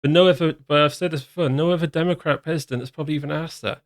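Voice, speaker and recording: A man with a fairly high voice talks through a reaction video in a sarcastic, mocking tone. He keeps restarting his sentences as he argues back at the clip. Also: fairly even intonation, very fast. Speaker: commentary channel host. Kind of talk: casual reaction commentary.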